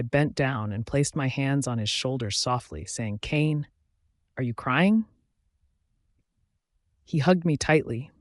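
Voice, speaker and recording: A man reads a first-person romance audiobook in a steady, expressive way. His voice is at a middle pitch, and the recording is dry and close to the mic. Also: no room sound. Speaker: audiobook narrator.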